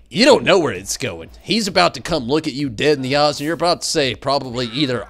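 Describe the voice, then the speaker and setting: Animated, gravelly-voiced male streamer. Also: medium pitch, brisk, hardly any pauses. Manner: rambling, animated storytelling with fillers. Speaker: game streamer. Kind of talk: casual chat while streaming.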